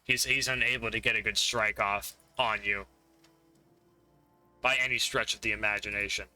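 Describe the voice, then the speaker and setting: Bright-voiced man running a tabletop game. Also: fairly low pitch, fairly even intonation, moderate pace, soft background music. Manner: laughing often, vivid descriptions. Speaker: game master.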